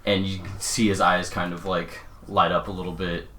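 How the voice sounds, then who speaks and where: A man's voice: deep voice, little pitch movement, moderate pace, sharp tone, a little hiss or hum. A man casually describing his character's actions in a tabletop game, easygoing with fillers. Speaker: player.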